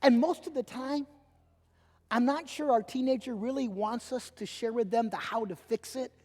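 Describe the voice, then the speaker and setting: Middle-aged male pastor, high pitched and emphatic, sermon in a reverberant hall. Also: normal speed. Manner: animated, emphatic preaching with acted-out quotes. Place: church sanctuary. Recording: long church hall reverb.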